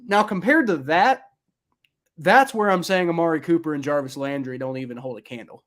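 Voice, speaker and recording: A man's voice: a little high, fairly quick, a bit bright. A man co-hosting a sports podcast in casual chat, rambling with many fillers and restarts. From Ohio. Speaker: podcast co-host.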